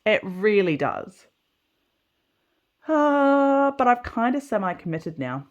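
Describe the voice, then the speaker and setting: A woman's voice: medium pitch, sing-song, slow pace, lo-fi sound. A woman with an Australian accent, chatting casually through a sew-along video, talking to herself and laughing at her own mistakes as she works. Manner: chatty, self-deprecating, talks to herself while working. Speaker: sewing vlogger.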